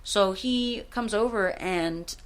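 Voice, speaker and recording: A woman co-hosts a casual podcast, swearing freely as she rambles through a story. Her voice sits at an ordinary middle pitch, and she breaks now and then into excitable bursts of enthusiasm. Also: slow. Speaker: podcast co-host. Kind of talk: casual chat.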